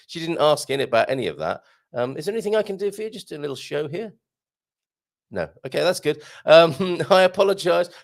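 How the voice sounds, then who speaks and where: Gravelly, lively British-sounding male host. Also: on the high side. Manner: chatty, rambling, jokey asides. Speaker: radio show host. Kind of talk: casual live show chat, reading listener messages. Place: small home studio.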